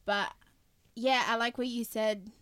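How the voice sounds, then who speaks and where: A woman's voice: on the high side, measured pace, clear, resonant tone. A young woman from Kenya with a slightly Australian-tinged Kenyan accent, hosting a casual podcast chat and telling stories with acted-out quotes and frequent laughs. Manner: animated storyteller, acts out quotes, laughs often. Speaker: podcast host.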